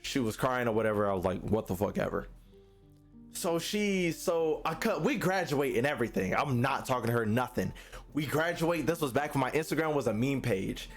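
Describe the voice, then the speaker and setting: A man's voice: mid-range voice, normal speed. A young man streamer telling a profane story to his chat, acting out the other people's lines. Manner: animated, profane, acts out quotes. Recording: faint music behind.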